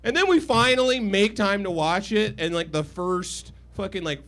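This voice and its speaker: A man's voice: sits high, moderate pace, fairly bright tone. A man doing a rambling, crude, self-deprecating stand-up set on a comedy stage with a handheld mic. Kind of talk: stand-up set, then casual chat. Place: comedy stage with live audience.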